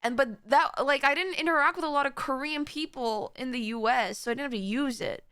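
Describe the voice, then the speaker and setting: A woman's voice: high voice, fairly quick, sharp tone, smooth, no room sound, studio quality. A young woman from Florida chatting casually on a stream, rambling and giggling as she talks. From Florida, USA. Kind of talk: casual reaction stream chat.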